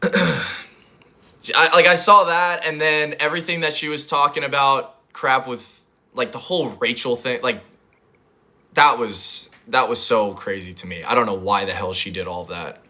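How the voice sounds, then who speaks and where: A young man hosting a livestream, chatting casually and rambling as he answers chat comments, his voice a little hoarse. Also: medium pitch, fairly even intonation, measured pace, pushed and bright. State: hoarse, voice recovering. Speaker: livestream host.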